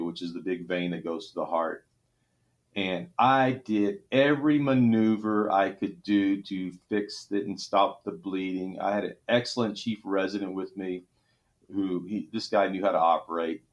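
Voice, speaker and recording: A middle-aged man with a Texan accent and a lowish voice recounts hard cases from his work as a surgeon. He speaks earnestly, with emotion in his voice and frequent restarts. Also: muffled recording. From Texas. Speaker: trauma surgeon. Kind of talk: podcast interview storytelling.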